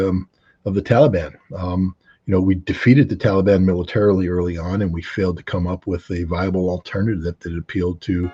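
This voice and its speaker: A man speaking as a guest commentator on a live call-in show, measured and reflective in long unhurried stretches. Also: low-pitched, darkish tone, husky, lo-fi sound.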